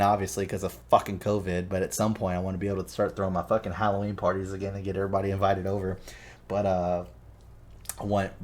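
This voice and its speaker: A man co-hosting a casual chat, rambling and swearing a lot as he retells film scenes with animated energy. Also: sits low. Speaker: podcast co-host.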